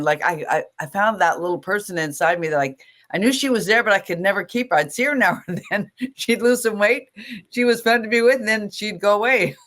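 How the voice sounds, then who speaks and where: A middle-aged woman with a lower voice tells her own story in a relaxed interview. She is animated, laughs easily and slips into the voices of the people she quotes. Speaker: image stylist and guest.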